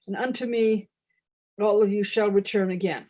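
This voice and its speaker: A grandiose goddess of chocolate, read aloud by a woman, intoning her decrees in a mock-solemn, scripture-like cadence. The voice sits in a middle pitch range. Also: steady tone, moderate pace, dark tone, natural voice. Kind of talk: reading a humorous parody text aloud.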